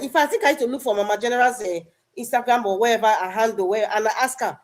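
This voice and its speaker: A woman's voice: on the high side, rapid-fire, few pauses, a little mellow, a little hiss or hum. Earnest woman speaking out. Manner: earnest, rambling, appealing directly to listeners. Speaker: online audio program participant. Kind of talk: impassioned live audio-room speech.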